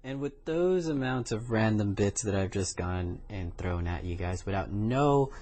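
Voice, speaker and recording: A man's voice: fairly low pitch, animated, measured pace, dark tone, slight background noise. A man hosting his own podcast, talking loosely and offhandedly in one unedited take. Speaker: podcast host. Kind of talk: casual solo podcast narration.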